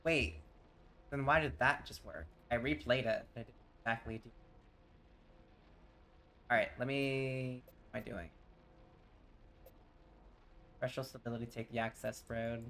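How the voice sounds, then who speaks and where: A man's voice: mid-range voice, fairly even intonation, measured pace, long pauses, pushed and bright, slight background noise. A man from Tennessee chatting casually with viewers while playing a game, rambling and easily sidetracked. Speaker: streamer. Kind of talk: casual live-stream chat while gaming.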